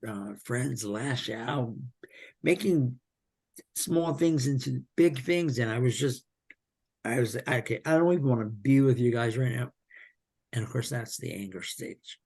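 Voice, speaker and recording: Slow, gravelly man speaking haltingly. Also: mid-range voice. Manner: slow, halting, with many pauses and fillers. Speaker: podcast guest. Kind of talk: candid personal interview.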